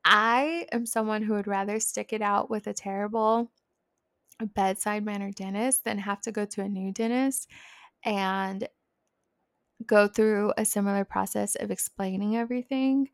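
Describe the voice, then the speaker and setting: A woman's voice: medium pitch, normal speed, dry recording, clean studio sound. Chatty woman in her twenties. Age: 20s. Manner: chatty, animated, lots of "like" fillers. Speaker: vlogger. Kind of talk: casual storytelling.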